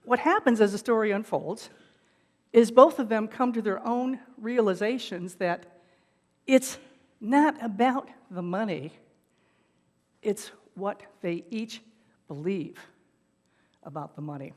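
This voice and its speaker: A woman pastor preaching a sermon, retelling a film scene in an animated storytelling manner. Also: medium pitch, slow, long pauses, big-room sound. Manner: animated, rising and falling in loudness.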